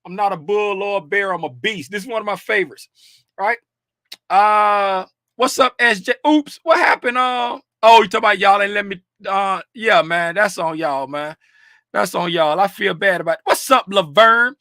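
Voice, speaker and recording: A man from Florida hosting a trading livestream, greeting his chat by name in an animated, casual way with bursts of laughter. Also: sits high, normal speed, no echo, clean studio sound. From Fort Lauderdale, Florida.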